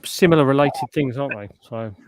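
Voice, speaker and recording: A man, hosting a casual live chat stream in a matey, relaxed way. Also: medium pitch, fairly quick, dry recording. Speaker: livestream host.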